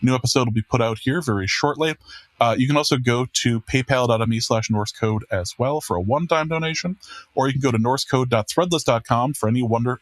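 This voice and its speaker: A man's voice: mid-range voice, no echo. A man hosting a casual podcast, self-deprecating and rambling with restarts. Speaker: podcast host and producer. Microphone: podcast microphone.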